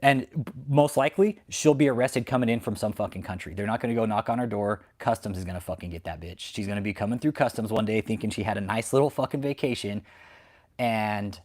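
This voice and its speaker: A man's voice: fairly low pitch, fast, a little mellow. An American man hosting a channel, delivering an angry, profane, confrontational rant that keeps repeating its points. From United States. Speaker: host of a channel exposing cult leaders. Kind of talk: angry ranting commentary. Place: home, with dogs barking nearby.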